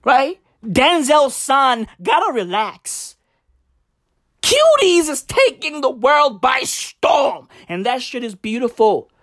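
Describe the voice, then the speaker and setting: A woman's voice: sits high, sing-song, slow pace. A woman delivering a satirical comedic rant, sarcastic and profane, who keeps tossing in "right?".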